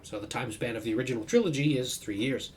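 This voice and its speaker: A man's voice: medium pitch, quick pace. A man casually commenting while playing a video game, rambling and correcting himself as he goes. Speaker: let's-play host. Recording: faint background noise.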